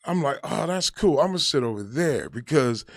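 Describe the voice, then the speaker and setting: A man in casual conversation, an army veteran telling his stories in an animated way and acting out the shouted lines of the people in them. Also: on the high side, brisk, dry recording, studio quality. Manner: animated storyteller, acts out quoted shouts. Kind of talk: casual storytelling chat.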